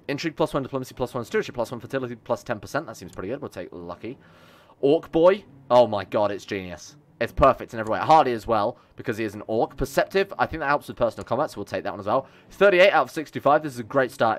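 A young man, chatting casually and joking with his chat while he sets up a strategy game on stream. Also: mid-range voice. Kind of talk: live game commentary. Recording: faint music behind.

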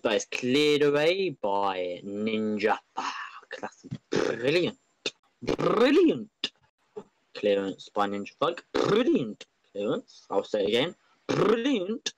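Excitable biased football commentator. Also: male voice, medium pitch, takes it slowly, a little hiss or hum, poor audio. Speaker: amateur match commentator. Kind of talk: live esports football commentary.

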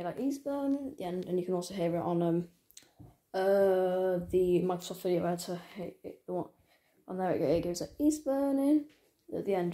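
A woman chatting casually to her channel's viewers, rambling and halting with many restarts. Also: on the low side, dark tone. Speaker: channel owner. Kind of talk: casual vlog chat.

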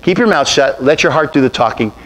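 A pastor preaching a sermon, calling on the congregation to repeat after him and answer. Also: male voice, medium pitch, animated, fairly quick, fairly bright tone, slight background noise.

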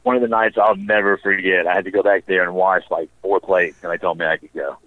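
A man being interviewed as a wrestler, telling stories in a relaxed way with dry, sarcastic asides. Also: low voice, quick pace, no echo. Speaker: wrestler guest. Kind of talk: casual storytelling interview. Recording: dry tinny phone line.

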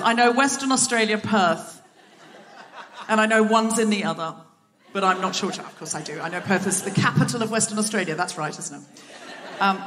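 On a theatre stage, a woman hosts a live comedy podcast in a medium-pitched voice that sounds pushed and bright. She jokes playfully with the audience and pokes fun at herself, and the live recording carries a clicking noise.

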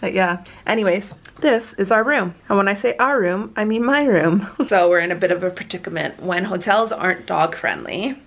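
A woman's voice: mid-range voice, moderate pace, few pauses, fairly bright tone. A young woman chatting casually to camera in a hotel room, rambling and laughing often as she goes. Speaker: vlogger. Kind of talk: casual vlog chat.

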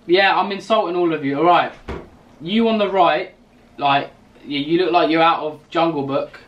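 Cheeky young London man, high voice. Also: muffled recording. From England. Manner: teasing, mock-insulting, quick to laugh. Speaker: YouTuber host. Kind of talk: casual video chat banter.

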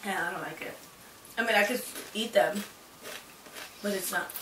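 A woman's voice: medium pitch, moderate pace, fairly bright tone. A young woman trying foods in a casual chat, blunt and squeamish about what she dislikes. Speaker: co-host. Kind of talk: casual taste-test chat. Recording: echoey, distant, noisy room.

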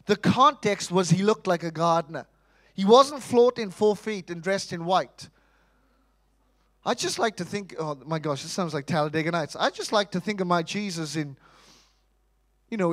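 A man preaching a sermon in church, animated, asking rhetorical questions and acting out quotes. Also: high voice.

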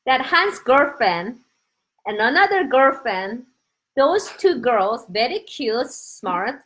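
Excitable middle-aged Korean-accented woman. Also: fairly high pitch, slow, low-quality recording. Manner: excitable, chatty, greets viewers by name. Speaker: live-stream host, Korean teacher. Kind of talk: casual live-stream chat. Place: home.

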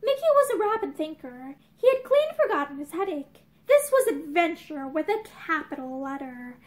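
A young woman reads a novel aloud, paced and storybook-like with dramatic emphasis. Her voice sits very high and moves in a lively way, recorded indoors facing a camera. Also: moderate pace. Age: young adult. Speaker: narrator. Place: indoors, room with bookshelves.

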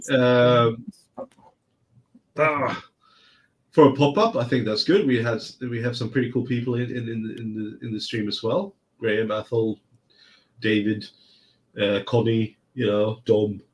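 A man hosting a casual hobby stream, with a husky voice and a cold, swearing freely and often restarting his words. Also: medium pitch, steady tone, unhurried, pauses often, low-quality recording. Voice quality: husky whiskey voice. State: sniffly, with a cold. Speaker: stream host.

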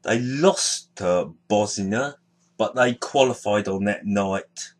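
A man hosting his own video, calmly showing a completed sticker album and listing players one by one. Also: on the low side. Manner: unhurried, listing names one by one. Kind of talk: casual show-and-tell narration.

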